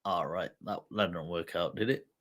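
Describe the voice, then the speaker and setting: A man teaching on a livestream, telling a story in an unhurried way and chuckling often. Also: low voice, a bit bright. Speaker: Islamic teacher.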